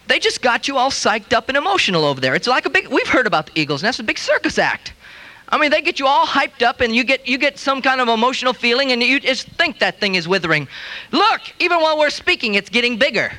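Animated high-voiced male preacher. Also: fast. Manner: animated preaching, acting out other people's voices. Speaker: pastor. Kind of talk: sermon.

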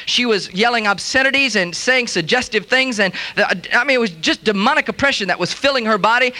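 A middle-aged man preaching a sermon as pastor, animated, acting out the voices of other people as he tells stories. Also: high-pitched.

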